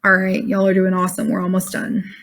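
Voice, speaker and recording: A woman's voice: medium pitch, completely flat delivery, fast talker. A woman teacher, reading a text aloud and explaining it casually to her online class over a video call, sounding tired. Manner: casual, chatty, calls class "y'all".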